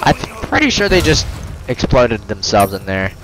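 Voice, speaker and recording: A man's voice: mid-range voice, huge pitch swings, normal speed, background noise. Profane young man reacting to a horror game. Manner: profane, jokey, reactive, yelps when startled. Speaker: gamer. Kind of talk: horror game let's play commentary.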